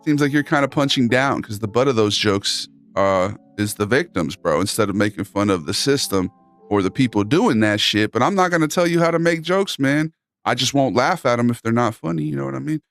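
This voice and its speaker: Brisk and expressive, this man's medium-pitched, fairly bright voice runs a live stream as faint music plays behind. He reads his chat and responds casually, laid-back, sarcastic, and full of slang.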